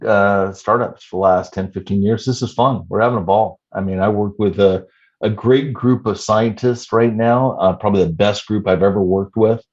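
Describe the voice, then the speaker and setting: Low-voiced middle-aged man, measured answers. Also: darkish tone, muffled recording. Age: 50s. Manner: measured, with frequent "you know" fillers. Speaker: startup CEO guest. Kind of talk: casual interview answers.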